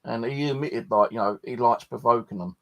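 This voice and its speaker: A man's voice: medium pitch, brisk, a bit bright. A man hosting a paranormal channel, chatting casually and rambling, swearing freely as he talks. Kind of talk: casual late-night chat.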